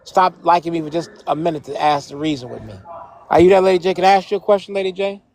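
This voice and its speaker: A panel participant in a heated live-stream debate argues confrontationally, swearing, repeating himself and talking over others. His voice is fairly high, fast and a little mellow.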